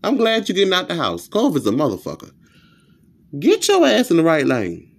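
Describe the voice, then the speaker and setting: A man hosting a podcast, telling a comedic, profane rant in an animated storytelling style. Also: brisk, slightly rough. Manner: animated, profane storytelling with sudden pitch jumps. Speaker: podcast host.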